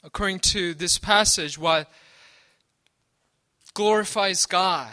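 A male pastor delivers a sermon in a fairly high voice with a bright, ringing edge. He talks conversationally rather than from a script, stumbling over and repeating words. He keeps punctuating his points with "right?". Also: slow pace. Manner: repeats "right?" often, restarts and stammers.

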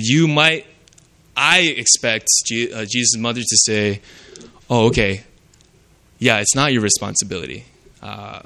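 A man's voice: medium pitch, pushed and bright. A man preaching a sermon in a conversational way, often checking in with "right?".

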